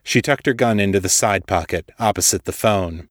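A male storyteller with a fairly low voice reads a scripted story in a steady, measured way. The recording is close and dry, with no room sound. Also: no echo. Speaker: storyteller, podcast host. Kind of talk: scripted audiobook narration.

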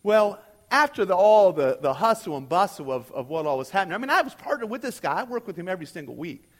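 A middle-aged man preaching a sermon, telling a story in an animated way and often checking in with the listeners. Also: high-pitched, fast talker. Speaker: pastor.

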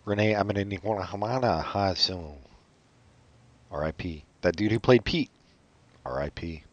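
Podcast co-host: low-voiced man, deadpan and wry, close dry mic with a muffled tone. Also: moderate pace, no echo. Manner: deadpan, sardonic asides. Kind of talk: casual chat.

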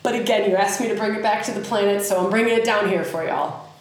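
A woman with a Southern US accent hosting a podcast, teaching in a casual, animated way with many fillers. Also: mid-range voice, fast talker. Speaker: podcast host. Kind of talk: casual spoken teaching monologue. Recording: very echoey room with faint ambience.

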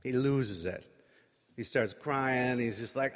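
A man retelling a Bible story in a loose, chatty way, with plenty of ums and quick acted-out quotes. His voice sits in the middle range and rings out with a long reverb from a big room. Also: mid-range voice. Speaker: Bible teacher.

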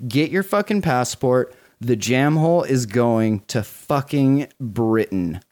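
A man in his forties co-hosting a podcast, chatting casually, excited and swearing a lot. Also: mid-range voice, slow. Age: 40s. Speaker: podcast co-host.

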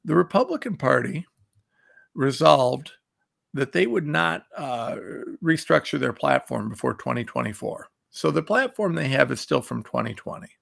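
Man, political commentary host, angry rant, very gravelly, swinging wildly in pitch. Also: expressive, moderate pace, a bit bright. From Ohio. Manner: angry ranting, insulting, reading out quotes. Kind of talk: fired-up political commentary monologue.

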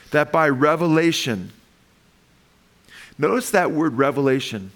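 A man preaching a sermon as pastor, reading scripture slowly and rising in pitch and volume to stress points, asking the congregation questions. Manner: reads verses slowly, asks the congregation questions.

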